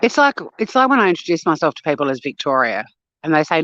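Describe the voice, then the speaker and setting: A woman's voice: low-pitched, fast, dry recording. Australian woman, casual walk-and-talk vlogger, blunt and sweary, dry, slightly muffled recording. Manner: blunt and sweary, animated storytelling. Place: outdoors on a walk.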